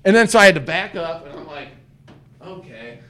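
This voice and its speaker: A man's voice: on the high side, moderate pace, a crowd in the background. Profane man telling a rambling story. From Missouri. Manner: profane, animated, acts out his own voice in quotes. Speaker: podcast host. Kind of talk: casual storytelling chat.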